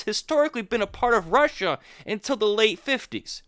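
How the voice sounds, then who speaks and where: A man's voice: high-pitched, fairly quick, few pauses, smooth, no echo, clean studio sound. A man co-hosting a podcast, giving casual political commentary that swings into incredulous outbursts. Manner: animated, rising to incredulous outbursts. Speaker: podcast co-host.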